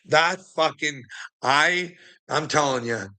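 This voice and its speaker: Male commentator, bright tone, mocking and profane, frequent laughter. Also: fairly high pitch, slow pace. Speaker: online commentator. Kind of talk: casual rant.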